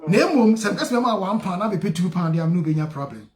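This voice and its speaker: A high-pitched Ghanaian man hosts a call-in radio show, chatting in a lively way and switching between Twi and English. His voice rings out in an echoey studio. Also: fast. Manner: lively, switches languages, reads out names with a singsong refrain. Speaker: radio show host, solicitor.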